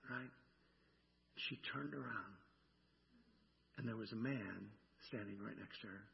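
A male pastor gives a conversational sermon with a gravelly, mid-pitched voice. He keeps checking in with the listeners and acts out the lines he quotes. The sound is dull and rings with a long hall reverb. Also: slight background noise.

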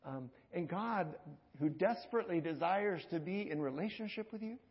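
A man preaching a conversational sermon, repeating words and swinging from loud, urgent passages to hushed ones. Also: high voice, lively intonation, normal speed, big-room sound, highs cut off. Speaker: pastor.

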